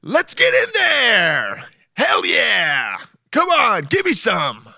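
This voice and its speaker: A man voicing a rowdy, macho frat-boy astronaut who whoops and shouts with hype. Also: very high voice, wildly swooping pitch, slow, gravelly, dry recording, clean studio sound, voice pushed up, full character voice. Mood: hyped whooping.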